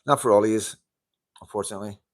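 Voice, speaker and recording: A man chats live to his viewers through a handheld mic, low in pitch. He greets people by name, laughs easily and throws in the odd curse, loose and unscripted. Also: steady tone, fast talker. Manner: chatty, greets viewers, laughs often, swears casually. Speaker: livestream host. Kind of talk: casual live-stream chat. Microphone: handheld wireless mic.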